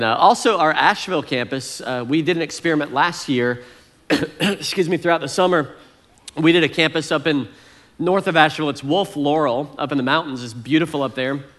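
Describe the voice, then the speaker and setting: A man's voice: mid-range voice, fairly bright tone. A man, a lead pastor giving a casual, joking sermon to his church. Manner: folksy, joking, conversational.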